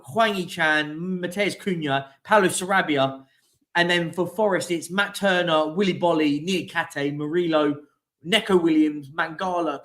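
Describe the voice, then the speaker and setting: High-voiced chatty man. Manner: chatty, reads out team lists and shout-outs. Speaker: streaming show host. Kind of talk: casual live-stream chat.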